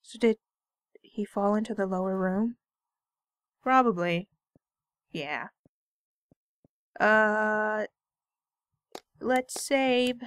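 A woman's voice: medium pitch, drawn-out words, long pauses, dry recording. A woman giving casual gaming commentary, bantering playfully and sarcastically with the character on screen. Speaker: let's play gamer.

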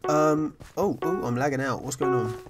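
A man's voice: mid-range voice, moderate pace, music in the background. A man giving casual, rambling commentary over his own gameplay, chatty, apologetic and self-deprecating. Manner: frequently apologetic. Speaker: gaming channel host.

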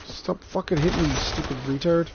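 A man's voice: a little high, fairly even intonation, fairly quick, dull audio, noisy background. A young man doing casual gameplay commentary, crude and sweary, laughing often as he jokes. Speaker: gamer.

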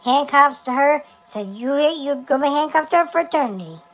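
A man's voice: extremely high pitch, lively intonation, fairly quick, a bit bright, heavily acted, rough recording. A man voicing Dexter, a chatty boy character who tells a long folksy joke with stumbles and restarts. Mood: joke-telling. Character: chatty high-voiced boy named Dexter telling jokes. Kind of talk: comic storytelling to camera.

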